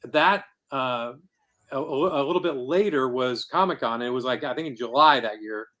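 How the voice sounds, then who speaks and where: A man's voice: mid-range voice, normal speed, bright, forceful tone. A man talking as a guest on a podcast, telling how he founded a comic convention in an earnest, rambling way. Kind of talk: casual podcast interview.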